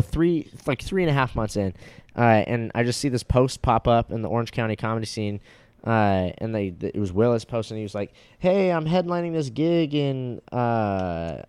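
A laid-back man trading comedy stories with a friend, his voice smooth and resonant. The sound is dry and close, and his pitch is ordinary. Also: darkish tone, no room sound. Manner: laid-back, reactive, says "uh" and "bro". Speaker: stand-up comedian. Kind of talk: casual chat.

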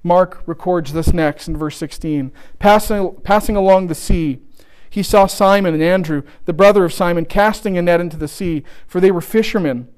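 A man's voice: sits high, normal speed, a little mellow, clean tone. A man preaching a sermon, earnest and pleading as he urges his listeners.

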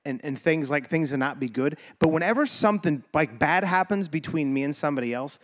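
A man's voice: on the high side, lively intonation, fairly quick. A man preaching a sermon as pastor, talking casually and animatedly, joking and laughing with his congregation, and acting out quoted voices.

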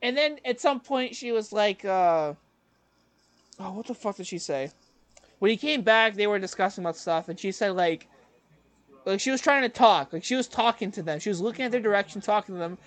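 A young man co-hosting a podcast, telling a workplace story in casual chat, lively and acting out what others said. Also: high-pitched, a little fast, no room sound. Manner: animated, acts out quoted voices, laughs often. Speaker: podcast co-host.

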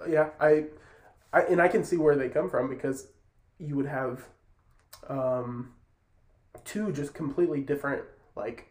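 Fast-talking male guest in an echoey room. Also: a little high, darkish tone. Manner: fast talker, says "like" often. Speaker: podcast guest. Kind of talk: casual chat. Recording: roomy echo.

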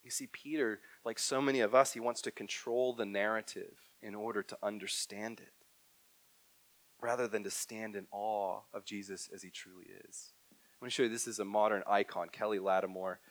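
A man preaching a sermon, swinging from loud emphatic bursts to hushed, near-whispered lines. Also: fairly low pitch, fairly even intonation, normal speed, no echo. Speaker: pastor. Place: church hall.

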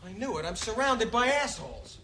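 An actor playing a pompous, short-tempered villain commander who barks in a whiny, exasperated way, heard from a film clip. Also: male voice, very high voice, big pitch swings, a little fast, sharp tone, heavily acted. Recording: echoey film clip with noise.

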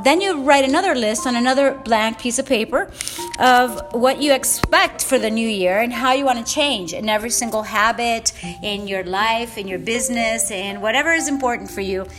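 A woman's voice: a little high, a bit bright. A woman fitness coach talking emotionally and rambling in a casual vlog, laughing often, recorded on a phone without a mic. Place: at home, Eastern US time. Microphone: phone without external mic.

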